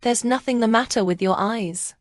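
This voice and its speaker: A frisky young otter from a storybook, bouncy and eager, as a woman reading aloud puts him on. His voice sits a touch higher than the narration, and the sound is close and dry. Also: normal speed, no room sound, natural voice. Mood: excited. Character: lively playful young male otter.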